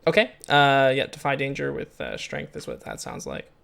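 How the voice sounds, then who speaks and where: A man narrating as game master of a tabletop game, talking haltingly with many fillers and restarts. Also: medium pitch, big pitch swings, gravelly, fairly bright tone, slight background noise.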